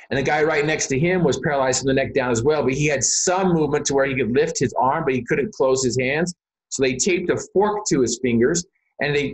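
A man being interviewed, telling a personal story in an earnest, emotional way, often repeating words and saying "you know". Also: mid-range voice. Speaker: interview guest.

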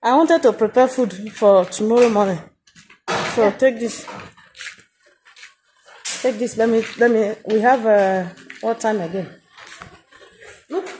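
Nigerian lady farmer sweet-talking her cows, kinda high voice, real unhurried, faint noise behind. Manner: playful, coaxing, chatty with the animals. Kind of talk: casual vlog talking to farm animals.

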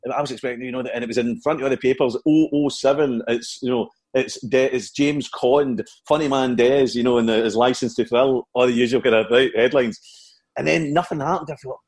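A Scottish man, a comedian, telling lively anecdotes in casual chat, with frequent restarts. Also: medium pitch, a little fast, slightly rough. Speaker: comedian guest.

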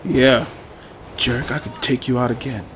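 A man's voice: medium pitch, fairly even intonation, unhurried, background noise. A man commentating a video game playthrough with goofy mock-angry outbursts and apologies. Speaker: gameplay commentator. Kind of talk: let's play commentary.

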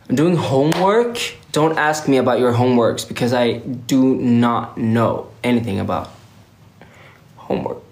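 A man's voice: medium pitch, normal speed, darkish tone, slight background noise. A young man from Sweden, hosting a casual livestream and chatting playfully with viewers while tired. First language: Swedish. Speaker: livestream host. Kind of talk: casual livestream chat reading viewer comments. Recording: roomy echo.

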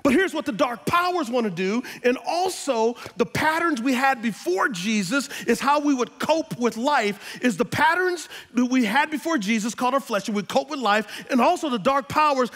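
A man in his fifties preaching in a church with a notably high voice. He drops into soft, slow stretches of teaching, then climbs into loud, rising calls to his listeners. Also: animated. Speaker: pastor. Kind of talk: sermon. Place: church auditorium.

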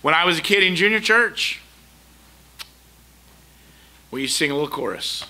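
A man's voice: fairly high pitch, lively intonation, fast, sharp tone. A middle-aged male pastor preaching a sermon, emphatic, with repeated rhetorical questions. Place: church sanctuary.

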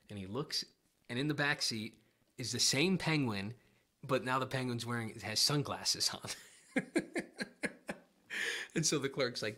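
A man's voice: medium pitch, moderate pace, pauses often, bright, forceful tone. A man teaching guitar on a casual livestream, chatty, rambling and self-deprecating.

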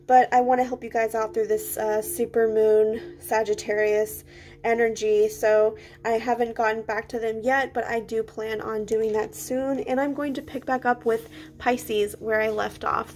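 A woman's voice: fairly high pitch, a little mellow, a little hiss or hum, rough recording. Woman with a slight lisp. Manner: musing, thinking aloud as she draws cards. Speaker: tarot reader. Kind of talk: casual tarot reading to camera. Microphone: phone.

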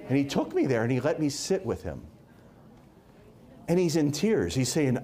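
Male preacher, mellow voice, lively pitch, emphatic sermon delivery with repeated words. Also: normal speed, long pauses.

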